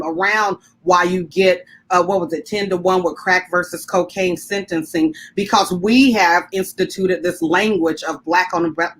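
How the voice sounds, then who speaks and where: A woman guest activist on a video call, speaking in an articulate, reasoned and measured way. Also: lowish voice, a bit bright. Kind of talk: discussion.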